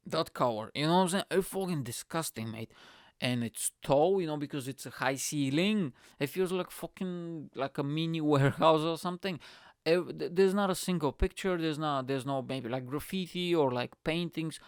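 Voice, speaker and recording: A man's voice: fairly high pitch, moderate pace, clear, resonant tone, no room sound, studio quality. A tired man hosting his podcast, telling a story in a casual, swearing, matey way. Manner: profane, animated, says "mate" a lot. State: tired, yawning. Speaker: podcast host.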